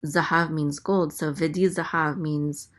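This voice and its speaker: A woman teaching a casual Biblical Hebrew reading lesson, explaining slowly with many pauses and fillers. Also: low-pitched, fairly even intonation. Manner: slow and explanatory, with many fillers and self-corrections.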